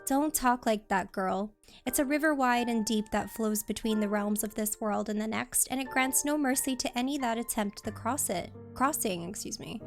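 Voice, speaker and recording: A woman's voice: on the high side, normal speed, lightly acted. A woman voicing a vulgar, fierce old grandmother with a coarse, growling delivery, over faint background music. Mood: stern.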